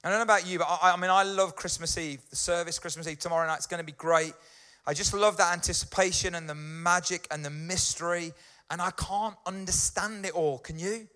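A man preaching a friendly, chatty sermon in a fairly high voice, pausing to check in with his listeners. His tone is bright and forward. He sounds middle-aged. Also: fairly even intonation, smooth. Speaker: pastor. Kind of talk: conversational sermon.

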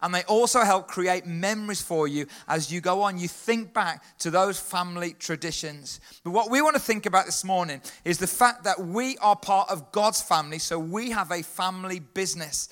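A man leading a lively church talk, calling out to the congregation and getting them to answer back. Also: sits high, moderate pace, hardly any pauses. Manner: upbeat, leads the congregation in call-and-response. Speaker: children's worker leading a church service.

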